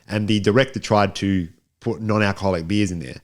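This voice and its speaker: Aussie guy on a podcast, lowish voice, chatty, keeps restarting his sentences. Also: brisk. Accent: Australian. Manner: repeats words and restarts often, animated. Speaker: podcast co-host reviewing a film. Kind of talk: casual chat.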